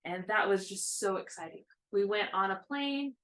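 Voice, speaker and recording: A woman's voice: mid-range voice, moderate pace, fairly bright tone, poor audio. A woman in her thirties, co-hosting a casual chat about cross-stitching, rambling with many fillers.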